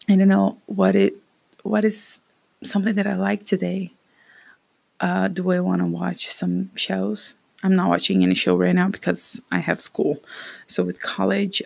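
A woman from Brazil in her thirties, speaking English with a Brazilian Portuguese accent, chats casually and wanders from thought to thought. Her voice sits a little low, with gravelly fry and a breathy, husky edge. The sound is close and dry. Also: little pitch movement, normal speed, darkish tone, no room sound. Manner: chatty, rambling, encouraging. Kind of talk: casual personal vlog.

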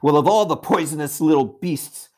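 A man's voice: lowish voice, sing-song, normal speed, gravelly, darkish tone, husky, full character voice. A man reading aloud and voicing a confident eldest brother with hearty, old-fashioned schoolboy talk. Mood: earnest.

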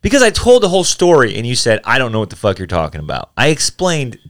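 A man's voice: medium pitch, wildly swooping pitch, quick pace. Ranting sweary man on a podcast. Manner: swears a lot, rants in angry bursts. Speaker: podcast co-host. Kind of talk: casual podcast chat.

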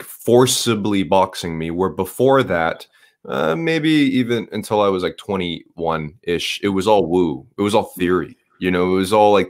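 A man in his thirties in casual conversation, laid-back and halting, swearing often. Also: low-pitched.

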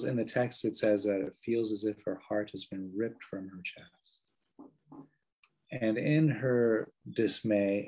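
A man gives a meditation talk and tells a story in a gentle, earnest way. His voice sits low and carries a husky, breathy edge. His phrases often fade softly at the end. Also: low-quality recording. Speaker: meditation teacher.

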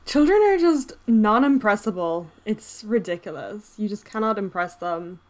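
A woman's voice: medium pitch, expressive, moderate pace. A woman co-hosting a podcast, chatting casually and making wry, joking asides. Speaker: podcast co-host. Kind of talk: casual chat.

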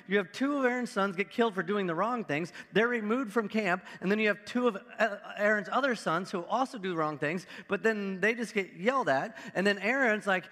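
A man's voice: sits high, brisk, few pauses, pushed and bright, big-room sound. A man, a pastor with kids, giving a casual sermon and reading scripture aloud, talking loosely with lots of "like" fillers. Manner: conversational, many "like" fillers.

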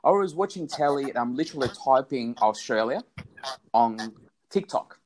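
A man in his forties hosting a podcast, excitable, laughing often and restarting his phrasing as he chats over a phone line. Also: mid-range voice, normal speed. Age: 40s. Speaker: podcast host. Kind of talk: casual interview chat. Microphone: phone call.

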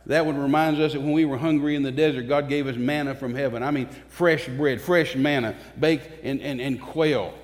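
A man's voice: medium pitch, fairly even intonation. A man preaching a sermon to a church congregation, fervent and emphatic, repeating phrases for force. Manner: fervent, emphatic, with pauses and repetitions. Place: church sanctuary. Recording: long reverb of a church hall.

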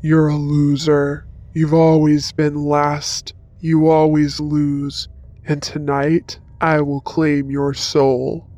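Woman doing a low, taunting male dream killer. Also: flat delivery, mellow, dry recording. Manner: slow, taunting.

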